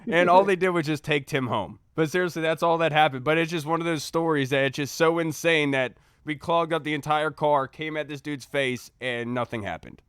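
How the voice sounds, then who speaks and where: A young man, a podcast co-host, telling a story in a casual, animated way and acting out the voices he quotes. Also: fairly high pitch, a little fast, hardly any pauses, clean tone, no echo, studio quality.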